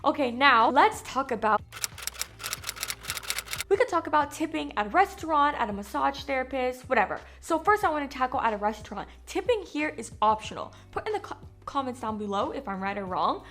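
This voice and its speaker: A young American woman chatting casually to camera in a vlog, talkative and animated with lots of fillers. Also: sits high, brisk, faint music behind. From United States. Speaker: vlogger.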